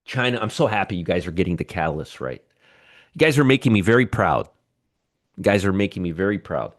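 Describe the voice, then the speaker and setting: A middle-aged man with a fairly low voice hosts a live stock market show. He talks straight to his viewers, cracks jokes and gets worked up over good numbers. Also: a little fast. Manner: excitable, joking, talks to viewers directly.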